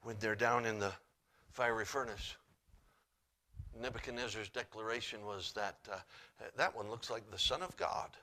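A man's voice: lowish voice, normal speed. A man preaching a sermon, reading scripture dramatically and adding folksy, joking asides. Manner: swings from loud dramatic Bible reading to quiet folksy asides. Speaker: pastor.

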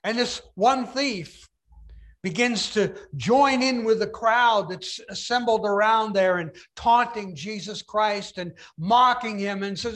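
A man's voice: high voice, slow pace, fairly bright tone. A man preaching a sermon, retelling a Bible story with dramatic emphasis and acting out the voices.

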